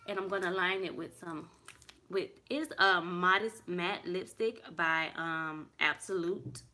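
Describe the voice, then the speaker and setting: Young woman, lowish voice, chatty makeup tutorial, thinking aloud, noisy bedroom recording. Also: steady tone, unhurried, pushed and bright. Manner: chatty, talks to viewers as y'all, thinks aloud while working. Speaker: beauty vlogger. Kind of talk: casual makeup tutorial chat. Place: her bedroom. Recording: clear background noise.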